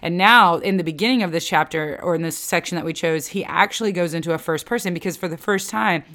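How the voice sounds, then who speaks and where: A woman's voice: on the low side, fast, fairly bright tone. A woman giving a casual Bible teaching for a podcast. She talks in a chatty way, fills her speech with "like", and acts out voices when she quotes. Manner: chatty, with many filler "like"s.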